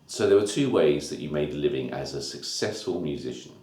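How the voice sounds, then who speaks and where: Low-voiced music teacher, echoey room. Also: male voice, expressive, fairly quick, a little mellow. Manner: informal, explains terms step by step. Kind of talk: recorded music lesson.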